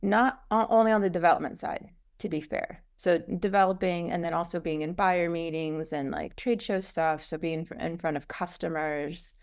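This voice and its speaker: A woman co-founder guest telling her story in a rambling, animated way in a casual interview. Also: fairly low pitch, normal speed, hardly any pauses.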